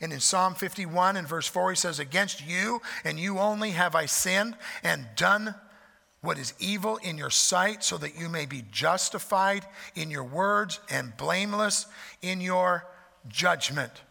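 A pastor preaching a sermon, earnest, repeating key phrases for emphasis. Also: male voice, sits high, measured pace, creaky, bright, forceful tone, big-room sound.

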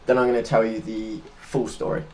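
A man's voice: lowish voice, flat delivery, a little fast, a little mellow, slight background noise. A man co-hosting a podcast, telling a story without a script in a loose, earnest way and sometimes searching for words. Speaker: podcast co-host. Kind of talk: unscripted conversational storytelling.

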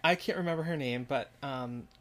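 A man's voice: mid-range voice, brisk, fairly bright tone. A man co-hosting a casual podcast with his mother, chattily leading an episode recap. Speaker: podcast co-host.

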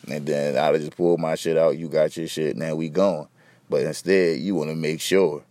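A man's voice: rumbling low, steady tone, moderate pace, darkish tone, no room sound. A young man hosting a podcast, rambling in loose, slangy, profane casual chat. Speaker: podcast host.

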